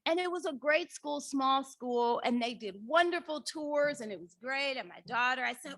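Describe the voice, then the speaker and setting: A middle-aged woman giving a conference workshop talk, telling lively stories and acting out conversations with her teenage daughter. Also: sits high, normal speed, gravelly, no room sound. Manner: animated storyteller, acts out dialogue with her daughter. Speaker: workshop speaker.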